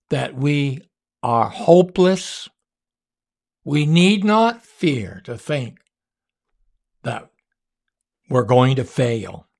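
A man preaching in a slow, deliberate rhythm, his fairly high voice carrying a gravelly rasp. He teaches earnestly and with emphasis, pausing often between phrases. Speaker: faith teacher. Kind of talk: sermon-style teaching.

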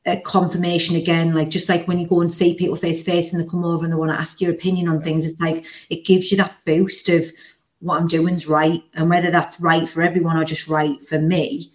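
A woman hosting a podcast, telling a story in an animated, casual way with plenty of "like" and the odd swear word. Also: fairly low pitch, a little fast. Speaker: podcast host. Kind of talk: casual chat.

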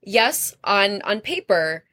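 A woman co-hosting a video-call panel, deliberately putting questions to the group. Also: mid-range voice, sing-song, pushed and bright. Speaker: co-host.

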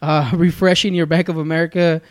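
A man with a notably high speaking voice co-hosts a podcast. He talks loosely and swears freely, and he laughs between his lines. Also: flat delivery, brisk. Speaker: podcast co-host. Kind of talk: casual chat.

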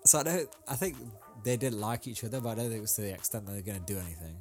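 A relaxed young man chatting on his own podcast, voice sitting on the low side. He rambles loosely, dropping slang and filler words as he goes. Faint music plays underneath. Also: racing. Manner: laid-back, rambling, frequent ums and slang. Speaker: podcast host. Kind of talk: casual solo podcast chat.

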